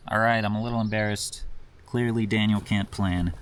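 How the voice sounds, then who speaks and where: A man's voice: fairly low pitch, steady tone, normal speed. A man chatting casually to the camera on an outdoor hike, self-deprecating and a bit tired. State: tired after long hike. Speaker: vlogger. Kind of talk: casual hiking vlog. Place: outdoors on a desert hiking trail.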